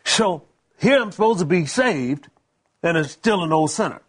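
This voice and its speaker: A man's voice: on the high side, expressive, normal speed, husky. A man, a minister co-hosting, sharing testimony in casual preaching conversation with many stammered restarts. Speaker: minister co-host.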